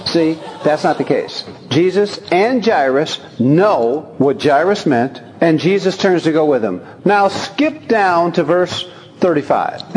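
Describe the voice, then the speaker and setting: A man preaching a sermon in a folksy, lively way, chuckling as he talks and reading scripture aloud. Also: mid-range voice. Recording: long hall reverb.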